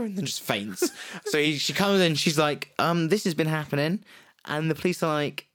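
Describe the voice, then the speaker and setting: Man, podcast co-host, lively swooping delivery, casual jokey storytelling. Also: a little high, moderate pace. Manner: animated storytelling with comic put-on voices. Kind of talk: casual true-crime chat.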